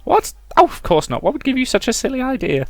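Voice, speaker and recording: A man voicing a boastful adventurer woman, high and swooping. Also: wildly swooping pitch, fast talker, no room sound, faint music behind, heavily acted. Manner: boastful, theatrical. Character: brash bold young adventurer woman. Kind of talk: reading game dialogue aloud.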